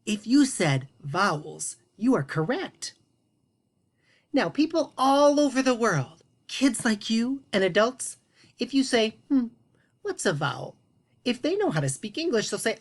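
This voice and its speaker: Animated woman teaching phonics to kids. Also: a little high. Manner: animated, sing-song teacher voice with drawn-out sounds. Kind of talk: children's phonics lesson on video. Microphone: video lesson to camera.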